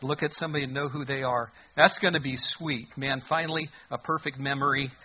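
A man's voice: medium pitch, fairly even intonation, a little fast, husky, muffled recording. A man preaching a sermon in a conversational, humorous way, reading scripture aloud. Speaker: pastor.

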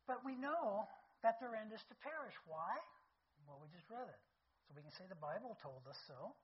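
A woman's voice: mid-range voice, animated, moderate pace, slightly rough. A woman preaching a conversational sermon who keeps checking in with her listeners, heard on a dull lo-fi recording.

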